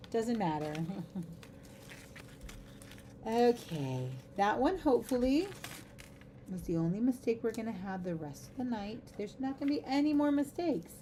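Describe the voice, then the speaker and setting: A woman's voice: fairly high pitch, warm tone, a little hiss or hum. A middle-aged woman hosting a craft livestream, chatting casually and giggling through rambling asides as she works. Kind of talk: casual chat while crafting.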